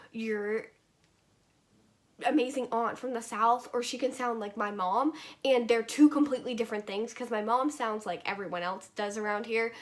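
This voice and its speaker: A young vlogger from North Carolina, USA, chats to the camera in a fairly high, somewhat bright voice. She rambles casually, packing her talk with fillers, especially "like" and "okay."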